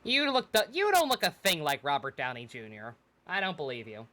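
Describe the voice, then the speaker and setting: Expressive man reacting to a game. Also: fairly high pitch, a little fast. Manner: expressive, swearing, reacts loudly. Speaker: streamer playing a game. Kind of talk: let's play commentary.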